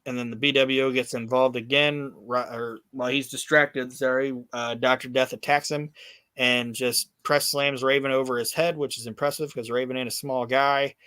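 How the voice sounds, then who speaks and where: A man's voice: mid-range voice, normal speed, smooth, dry recording. Rambling, profane man recapping wrestling. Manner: rambling, profane, animated storytelling with many fillers. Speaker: podcast host recapping wrestling. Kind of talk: casual chat.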